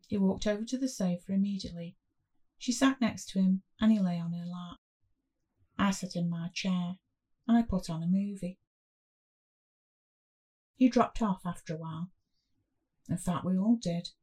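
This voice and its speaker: A woman reading a first-person story aloud in a slow, measured way. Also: on the low side, dark tone, husky.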